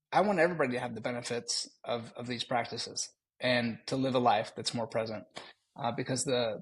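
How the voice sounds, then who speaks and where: A man's voice: medium pitch, husky, poor audio. A middle-aged man co-hosting a podcast, telling stories in a rambling, easygoing way and laughing easily. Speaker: podcast co-host. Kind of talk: casual chat.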